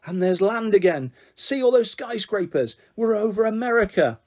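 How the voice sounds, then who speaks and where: An excitable young girl bubbles through a storybook scene, as a man reads her aloud. Her lifted, bright voice runs high and eager, full of make-believe. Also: fairly quick, husky, heavily acted. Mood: excited. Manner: bright, eager, raised girlish pitch.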